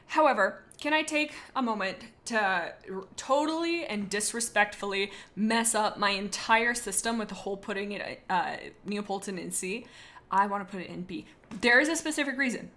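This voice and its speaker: Bright, rambling young woman streamer. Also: medium pitch, normal speed. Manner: rambling and animated, tells stories with asides. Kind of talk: casual live-stream chat.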